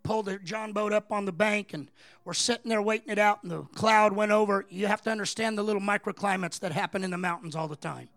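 A man preaching a sermon, his voice strikingly high yet gravelly with fry. He tells stories with a dry, close sound and swings from quiet, conversational telling to full-throated shouting. The delivery is that of a pastor carrying a congregation along. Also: fast, dry recording. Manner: builds from low conversational storytelling to shouting preaching. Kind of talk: sermon with storytelling.

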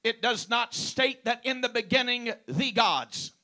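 A male preacher with a strikingly high, bright voice, delivering a sermon at an unhurried, deliberate pace. He leans on key words, stretching them for emphasis, and breaks up his points with praise and amens. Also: lively intonation. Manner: punctuates with praise and amen.

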